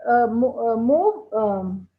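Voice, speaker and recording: A woman teaching a puppetry workshop, explaining how to make puppets in a gentle, explanatory way. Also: on the high side, lively intonation, slow. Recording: dull lo-fi sound.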